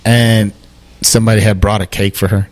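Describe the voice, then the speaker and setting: A man's voice: on the low side, little pitch movement, moderate pace. Blunt, teasing man, foul-mouthed. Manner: blunt, teasing, heavy swearing. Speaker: podcast co-host. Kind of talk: casual podcast chat.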